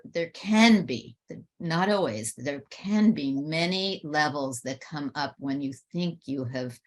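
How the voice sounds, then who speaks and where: A woman with a low voice speaks candidly on a webinar panel. She tells a personal story and gets animated whenever she quotes other people.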